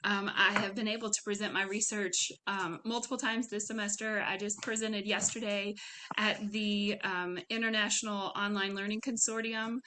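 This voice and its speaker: A woman's voice: mid-range voice, level tone, moderate pace, sharp tone, slight background noise. A woman graduate student giving an emotional, nervous acceptance speech full of ums. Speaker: graduate student award winner.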